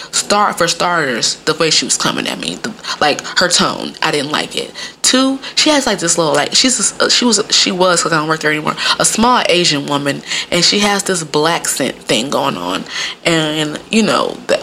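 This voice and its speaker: A woman's voice: low-pitched, gravelly, sharp tone, slight background noise. A young woman telling stories in a casual monologue, rambling and profane, laughing often and filling her talk with "like".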